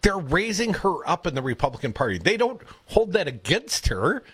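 A male radio co-host riffs on politics with a sardonic, jokey edge. His voice is slightly high and husky, and it swoops all over the place. The studio sound is dry and close. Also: very animated, normal speed, a bit bright, dry recording. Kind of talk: casual political talk radio banter. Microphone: studio microphone.

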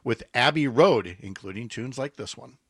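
A husky-voiced man hosting a morning radio show in a dry studio. He rambles through history trivia in a chatty, self-deprecating way. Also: medium pitch, normal speed, no echo. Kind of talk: casual morning radio chat. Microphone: studio microphone.

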